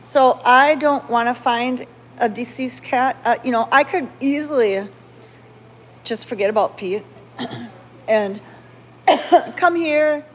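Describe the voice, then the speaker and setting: A woman's voice: a little high, slow, long pauses. Female sanctuary host on a live stream, rambling and heartfelt, greets viewers, lo-fi audio. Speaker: cat sanctuary owner hosting a livestream. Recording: dull lo-fi sound with faint background noise.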